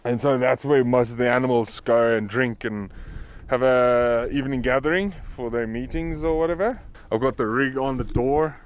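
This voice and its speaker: A man's voice: medium pitch, moderate pace. Chatty young man vlogging outdoors. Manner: chatty, jokey, relaxed narration to camera. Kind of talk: casual travel vlog. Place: outdoor bush campsite.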